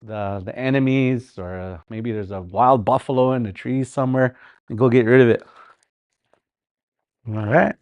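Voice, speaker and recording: A man teaching a live language class, speaking slowly and repeating words with rhetorical questions. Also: medium pitch, lo-fi sound. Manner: slow, repetitive, with sounded-out words and rhetorical questions.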